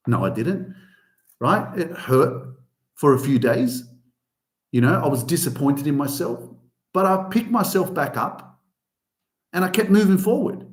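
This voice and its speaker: Animated, swearing man. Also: on the high side, a little slow, long pauses, reverberant. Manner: animated, heavy swearing, emphatic. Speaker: podcast host. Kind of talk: motivational podcast rant.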